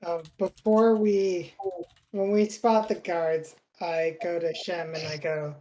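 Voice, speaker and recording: A woman in a tabletop game chats over a voice call. She speaks plainly and gets to the point. Her voice sits a little low for a woman. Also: little pitch movement, takes it slowly, warm tone. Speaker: player. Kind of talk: casual chat at a tabletop game.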